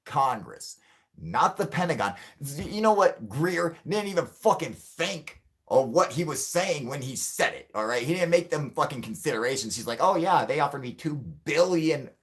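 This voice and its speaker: A man's voice: medium pitch, very animated, normal speed, a bit bright. A man hosting a livestream, ranting angrily and swearing a lot as he answers the chat. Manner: angry, profane, ranting. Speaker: channel host.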